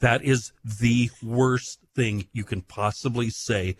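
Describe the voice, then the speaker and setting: Gruff griping man radio host. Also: mid-range voice, steady tone, slow, slight background noise. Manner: grumpy, mock-outraged griping. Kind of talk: casual radio chat.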